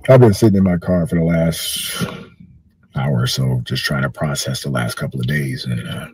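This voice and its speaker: Weary man with a very deep, husky voice. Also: moderate pace, darkish tone, low-quality recording. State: low on energy, weary. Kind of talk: personal social media statement. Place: parked car.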